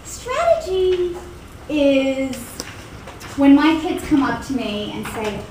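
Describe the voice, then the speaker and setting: A high-pitched woman gives an animated college lecture, slipping into quoted voices and laughing along the way. She is recorded from across a very echoey hall. A steady room noise sits under her voice. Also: takes it slowly, recorded from a distance. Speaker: college instructor. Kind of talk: classroom lecture. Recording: echoey classroom recorded from afar.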